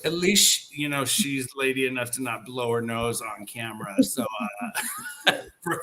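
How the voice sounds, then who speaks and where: A man hosting a casual live video-call chat, talking in a rambling, animated way with many fillers. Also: mid-range voice, normal speed, noisy background. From Northern California. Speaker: host.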